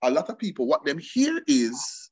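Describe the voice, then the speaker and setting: Emphatic Jamaican man, lively husky voice. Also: a little high, normal speed, no room sound, dull audio. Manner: emphatic, mixes patois with English. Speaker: guest. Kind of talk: passionate conversational interview.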